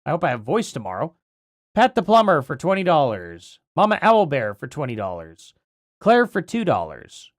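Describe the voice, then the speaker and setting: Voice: mid-range voice, huge pitch swings, normal speed, dry recording, studio quality. A livestream host rambling casually through commentary, thinking aloud, with a voice that is starting to go.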